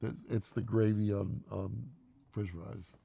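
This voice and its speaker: Fast-talking man with a gravelly voice. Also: lowish voice, steady tone, mellow, no echo. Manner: fast-talking, laughs often. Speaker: live stream co-host. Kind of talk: casual live Q&A chat.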